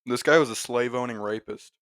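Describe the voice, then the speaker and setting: A man reads online posts aloud with deadpan, mock-dramatic flair. His voice sits in a middle register and sounds close and dry. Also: medium pitch, brisk, no echo. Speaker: host. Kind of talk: comedic dramatic reading of posts.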